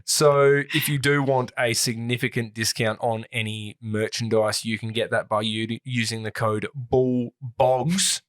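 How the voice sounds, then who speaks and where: A man co-hosting a podcast, reading plugs and announcements in relaxed, rambling casual chat with lots of "uh" fillers. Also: lowish voice, normal speed, hardly any pauses.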